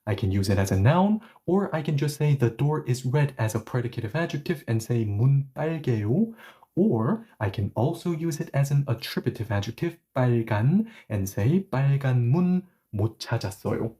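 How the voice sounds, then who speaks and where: Mellow-voiced man teaching grammar live. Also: mid-range voice, sing-song, a little fast, few pauses. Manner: explains step by step, often apologizes and self-corrects. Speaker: Korean language teacher. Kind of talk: live-streamed language lesson.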